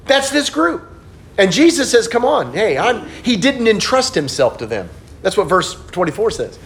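A middle-aged male pastor delivers a sermon in a fairly high voice, dropping quiet and low for a story, then rising loud and animated. A faint rumble of noise sits under the recording. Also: normal speed. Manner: storytelling, swings between hushed and animated.

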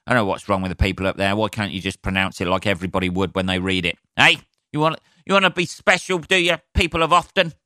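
A man's voice: fairly low pitch, pushed and bright, clear, resonant tone, no echo, studio quality. A man with a Southern English accent hosting his own podcast, ranting to listeners with plenty of swearing and jokey asides. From southern England. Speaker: podcast host, stand-up comedian.

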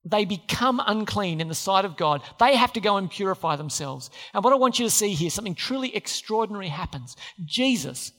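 High-voiced emphatic male preacher. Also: animated, a little fast, few pauses, a bit bright, long reverb tail. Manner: emphatic preaching with repeated phrases. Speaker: pastor. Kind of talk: sermon. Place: church.

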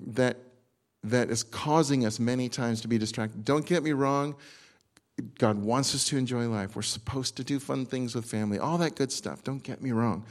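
A man delivers a sermon in a lively storytelling manner, slipping into acted asides and often restarting his phrases. His voice sits in a middle range for a man. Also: mid-range voice. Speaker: pastor.

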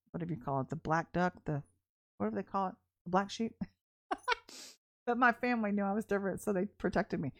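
A woman preacher giving a prophetic sermon in a blunt, confrontational and colloquial way. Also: medium pitch.

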